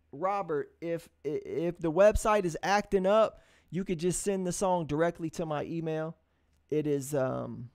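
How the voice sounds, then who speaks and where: A high-voiced, slightly mellow man hosts a casual music review livestream, talking to chat with clean studio sound and no room ambience. He's loose and repetitive, restarting and drawing out hums, while addressing viewers in an encouraging, street-casual way.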